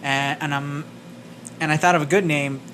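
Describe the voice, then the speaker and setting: A man co-hosting a podcast, telling stories casually in a small studio, animated and swearing, acting out what people said. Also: a little high, moderate pace, a little hiss or hum. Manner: animated storyteller, swears, acts out quotes. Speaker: podcast co-host. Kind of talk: casual chat.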